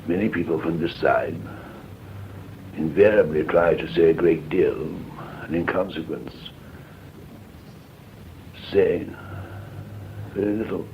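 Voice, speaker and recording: A medium voicing a witty dead gentleman spirit who speaks in a droll, epigrammatic way, heard on an archival seance recording. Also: low-pitched, takes it slowly, pauses often, muffled recording. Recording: noisy hissing archive tape.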